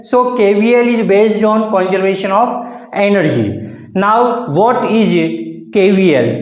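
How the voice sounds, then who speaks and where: A man's voice: high voice, darkish tone, echoey room, rough recording. A man teaching physics, constantly posing rhetorical "what?" questions and answering them himself. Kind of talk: classroom lecture.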